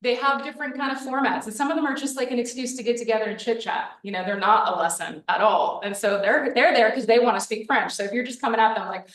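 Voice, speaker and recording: A woman's voice: fairly high pitch, quick pace, hardly any pauses. Chatty woman presenter in an echoey room. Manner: chatty, animated, acts out quoted reactions. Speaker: workshop presenter. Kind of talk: casual workshop talk. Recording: echoey room, mic from far off.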